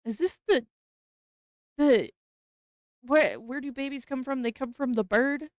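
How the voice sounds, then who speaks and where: A young woman streaming as she opens trading cards, talking casually, mumbling nervous asides and breaking into excited squeals. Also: sits high, a little slow, dry recording. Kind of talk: casual card-opening stream chat.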